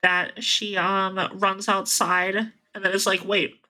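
Bright-voiced woman, crude podcast chatter. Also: medium pitch, little pitch movement, slow, rough recording. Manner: rambling, crude jokes, laughs often. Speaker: podcast co-host. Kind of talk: casual chat.

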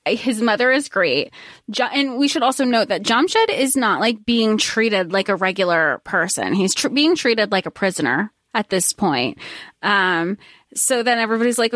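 A woman's voice: mid-range voice, expressive, normal speed, a bit bright, dry recording, clean studio sound. A woman co-hosting a podcast, recapping a story in casual chat and acting out characters' lines. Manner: conversational, acts out characters' lines while recapping. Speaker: podcast co-host. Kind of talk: casual book discussion.

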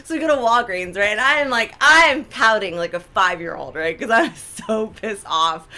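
Animated bright-voiced woman telling a story. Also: medium pitch, moderate pace, hardly any pauses. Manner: animated, exaggerated quoted voices, frequent "right?" asides. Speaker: social media storyteller. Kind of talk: casual storytelling to followers.

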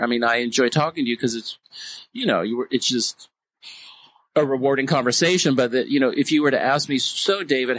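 A man's voice: medium pitch, fairly bright tone, low-quality recording. A man being interviewed about his film, speaking with a stutter and lots of "you know" fillers. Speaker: interview guest, filmmaker and writer. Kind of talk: casual interview talk.

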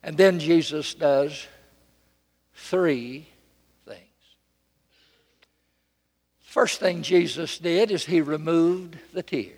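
A man preaching a sermon from a church pulpit, dramatic and emphatic, repeating phrases and swinging between loud and soft. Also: on the high side, very slow, pauses often, big-room sound.

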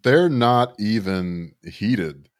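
A man's voice: fairly low pitch, expressive, extremely slow, no room sound, clean studio sound. A man co-hosting a leftist podcast, chatting casually in a sardonic, rambling way with frequent restarts. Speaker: podcast co-host. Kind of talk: casual political podcast banter.

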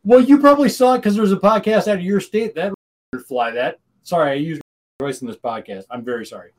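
A man's voice: sits high, brisk. A man from Minnesota co-hosting a podcast in casual chat, rambling and often restarting his sentences. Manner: rambling, many restarts and self-corrections. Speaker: podcast co-host.

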